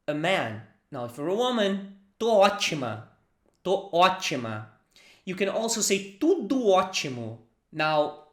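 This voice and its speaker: A Brazilian man with a Brazilian accent teaches Portuguese phrases in English, patiently drilling them for the listener to repeat. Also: high-pitched. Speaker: language teacher. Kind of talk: language lesson. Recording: roomy echo.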